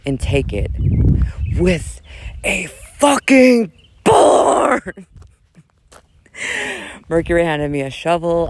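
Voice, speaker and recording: There's background noise as a man with a voice on the high side delivers a dramatic, profane rant. He alternates loud mock yelling with quieter talk and drifts into casual asides.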